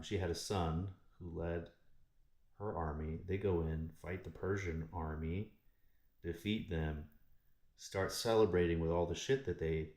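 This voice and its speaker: Male host, deep voice, swears constantly, rambles through a story with lots of asides. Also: darkish tone. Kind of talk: casual profane storytelling. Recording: echoey room.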